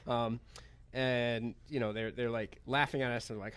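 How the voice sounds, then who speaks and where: An American man, a poker pro guest on a radio show, telling a story in an animated, chatty way and laughing as he goes. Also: mid-range voice, a little slow, clear, resonant tone. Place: radio studio.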